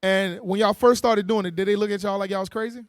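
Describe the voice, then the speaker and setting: A man preaching a sermon in a lively, conversational way, using with slang, quick restarts and playful mocking asides. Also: high voice, no echo, studio quality. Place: church meeting hall.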